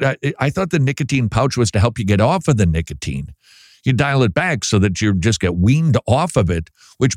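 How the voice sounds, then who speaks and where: A man's voice: medium pitch, no echo, clean studio sound. A man hosting a Christian talk show, chatting wryly and reading listener emails aloud. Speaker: Christian radio host. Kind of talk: casual talk show commentary.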